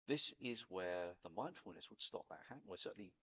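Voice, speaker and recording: A chatty man with a Cockney accent rambles along in an easy spoken talk, his low, husky voice rising and falling with plenty of lift. The sound is a little dull and lo-fi. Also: animated, fast, a bit bright. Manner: chatty, rambling, laughs at himself. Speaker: vlogger. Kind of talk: casual spoken talk to camera.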